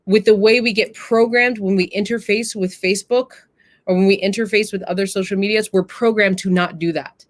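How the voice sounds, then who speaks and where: A woman's voice: mid-range voice, dry recording. A woman hosting a live stream, talking earnestly and casually and addressing her viewers directly. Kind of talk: casual reflective talk to viewers.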